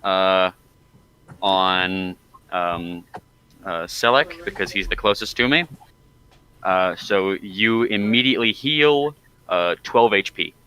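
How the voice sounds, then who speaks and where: A man's voice: low-pitched, slow pace, long pauses, pushed and bright, slight background noise, rough recording. A man playing in a tabletop game, joking and stumbling over his words. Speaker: player. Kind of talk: casual tabletop game chat.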